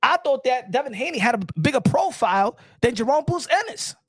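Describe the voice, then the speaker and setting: A man giving casual boxing commentary, animated, repeating himself and firing off rhetorical questions. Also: extremely high pitch, brisk, breathy edge, dry recording, clean studio sound. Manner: animated and repetitive, many restarts and rhetorical questions.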